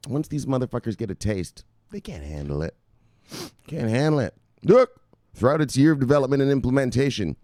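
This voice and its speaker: A man hosting a cryptocurrency news vlog in an excitable, profane style, laughing often and repeating himself. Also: no echo, studio quality. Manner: shouts "bang" and "boom" with rising excitement.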